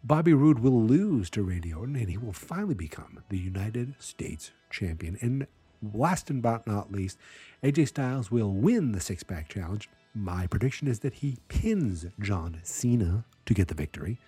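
A man's voice: on the low side, sing-song, normal speed, mellow, breathy edge, soft background music. A man hosting a wrestling show, giving casual, rambling, jokey predictions.

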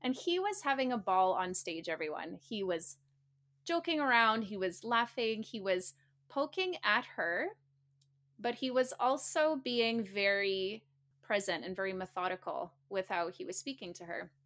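A woman chats informally with her audience, narrating a story with plenty of animation and frequent laughter while repeating phrases in earnest. Her medium-pitched voice is a bit bright, with lively intonation and a measured pace.

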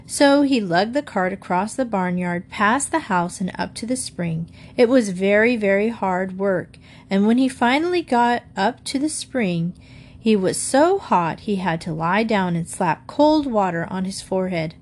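A woman reading a children's book aloud to listeners in a gently expressive way. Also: medium pitch, unhurried. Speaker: storyteller.

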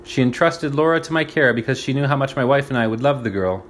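A man's voice: medium pitch, expressive, quick pace, a little hiss or hum, close to an everyday voice. A man reading aloud, voicing a crafty middle-aged guardian who barks angrily and then turns falsely pleasant. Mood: smooth.

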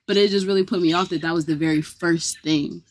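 A woman's voice: lowish voice, steady tone, fast, a little mellow. A woman, a guest on a casual podcast, speaking frankly, swearing freely and laughing as she tells her stories. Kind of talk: casual chat.

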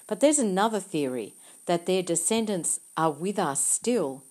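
A woman gives voice to an earnest, eager young girl in an audiobook, the character explaining things with insistent intensity. Her delivery is lowish, a little slow, expressive, and a little mellow.

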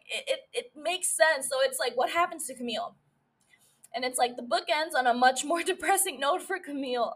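A woman's voice: high-pitched, fairly quick, fairly bright tone. A woman hosting a casual solo recap podcast, emotional and profane as she tells the story. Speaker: podcast host.

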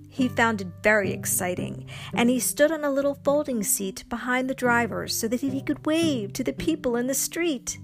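A woman reading a children's story aloud, expressive and lively. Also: fairly high pitch.

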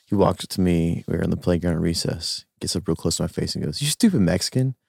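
A man's voice: deep voice, level tone, fast, vocal fry, darkish tone, breathy edge, no echo, clean studio sound. A man co-hosting a casual chat, thinking aloud and restarting his sentences. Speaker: podcast co-host.

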